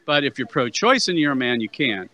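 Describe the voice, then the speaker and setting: A man's voice: medium pitch, sing-song, fairly quick, sharp tone, dull audio. A man interviewing passersby on a university plaza as a street activist, asking persistent, probing questions and stumbling over repeated words.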